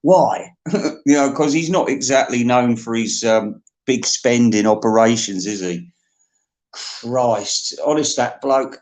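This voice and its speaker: A man's voice: medium pitch, a little slow, darkish tone. A man hosting a comedy podcast, rambling through a theatrical, mock-emotional monologue.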